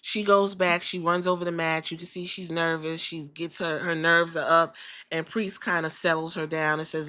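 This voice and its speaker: A woman's voice: lowish voice, fairly even intonation, fairly quick, sharp tone. Blunt, opinionated woman podcast host. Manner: blunt, opinionated, swears casually. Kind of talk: casual podcast review commentary.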